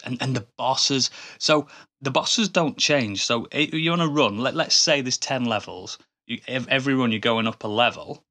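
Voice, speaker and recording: A man's voice: mid-range voice, pushed and bright. A man co-hosting a podcast in casual chat, enthusiastic and rambling, often restarting his sentences. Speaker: podcast co-host.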